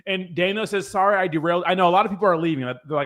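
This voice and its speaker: High-voiced joking male livestreamer. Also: rapid-fire, hardly any pauses, fairly bright tone. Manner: joking, laughing, profane and loose. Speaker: crypto livestreamer. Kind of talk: casual livestream chat reading viewer comments.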